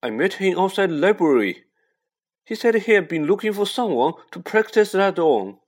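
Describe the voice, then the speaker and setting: A man's voice: sits high, very animated, normal speed, pitched above the performer's own voice. A man voicing a shy, nervous schoolboy wizard who talks in a choked, shaky way. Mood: upset.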